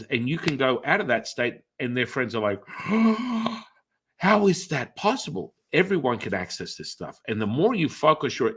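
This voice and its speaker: Animated middle-aged man telling stories. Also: medium pitch, breathy edge. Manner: animated, acts out other people's reactions in shifted voices; rambling with frequent fillers and restarts. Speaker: podcast host and energy healer. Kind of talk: conversational storytelling in an interview.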